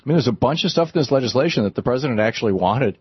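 A man hosting a radio talk show, giving animated, conversational commentary with frequent restarts from a broadcast studio. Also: medium pitch, rapid-fire, breathy edge, dry recording. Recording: dull, dry studio broadcast.

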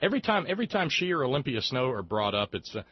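A man's voice: mid-range voice, very animated, fast, breathy edge, no room sound. Folksy Southern man on talk radio. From Alabama. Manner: folksy storyteller, rising to heated political argument. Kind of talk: political call-in radio chat. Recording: muffled dry radio broadcast sound.

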